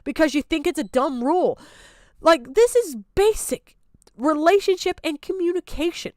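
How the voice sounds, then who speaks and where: A woman's voice: high-pitched, lively intonation, normal speed, no echo. A young woman streamer ranting heatedly on stream, swearing and hammering the same point again and again. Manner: heated, profane, repeating her points. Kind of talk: angry reaction rant.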